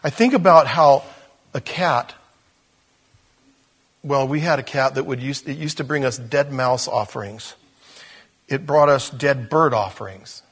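Middle-aged male pastor, husky, conversational humorous sermon. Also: mid-range voice, unhurried, long pauses, a bit bright. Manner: conversational and humorous, with acted quotes and laughs.

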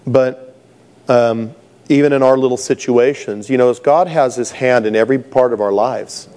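A man's voice: medium pitch, normal speed, mellow. A middle-aged man preaching a sermon, telling stories with humor and laughing at his own jokes. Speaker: pastor.

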